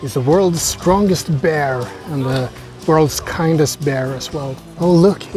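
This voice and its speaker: A playful travel vlogger strolls through a zoo outdoors, narrating in a casual voice. The speaker cracks jokes and chats to the animals along the way. Music plays clearly behind the voice throughout. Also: medium pitch, slow. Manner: playful, jokey asides, chatting to animals.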